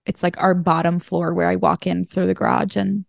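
A woman's voice: lowish voice, level tone, moderate pace, vocal fry, dry recording, studio quality. A woman chatting as a podcast guest, telling stories with lots of "like" and acting out conversations. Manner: chatty storyteller, heavy use of "like"; acts out quoted dialogue. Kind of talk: casual interview chat.

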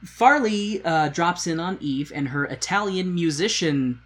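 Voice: medium pitch, animated, measured pace. Brief: co-host, casual and crude, rambles through a plot recap, jokes often. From United States. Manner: joking, profane, rambling storytelling. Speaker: podcast co-host. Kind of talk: casual chat recapping a musical.

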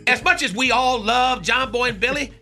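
A man's voice: very high-pitched, moderate pace, sharp tone, soft background music, full character voice. A man playing a brash, boastful male radio character in a comedy bit, talking in jive slang and made-up long words. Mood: swaggering.

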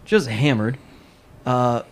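A man hosting a podcast, telling a long funny story in a lively way and laughing as he goes. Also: mid-range voice, slow, a little hiss or hum. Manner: animated, laughing while telling stories. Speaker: podcast host. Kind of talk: casual storytelling.

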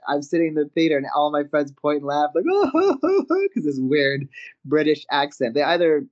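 Animated Canadian-raised man telling stories. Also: on the high side, normal speed, lo-fi sound. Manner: animated anecdotes, laughs often, acts out quotes. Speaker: guest, professional wrestler and actor. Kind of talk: casual storytelling.

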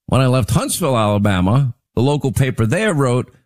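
A man's voice: mid-range voice, sing-song, fairly quick. A man hosting a radio talk show, bantering casually with wry, teasing asides. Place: on location for a town hall broadcast.

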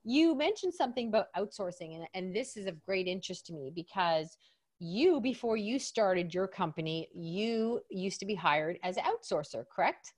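Animated woman hosting a podcast. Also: medium pitch, normal speed. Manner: animated, laughs often, asks guiding questions. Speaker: podcast host. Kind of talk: conversational podcast interview.

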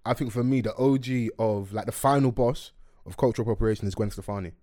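A young man with a lowish voice runs a podcast, and the close-mic recording is dry. Expect rapid, energetic banter full of slang and jokes.

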